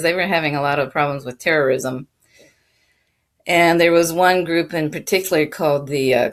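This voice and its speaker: Low-voiced woman chatting about history. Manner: rambling, many fillers and restarts; chuckles now and then while talking. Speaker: channel host. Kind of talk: casual spoken history talk.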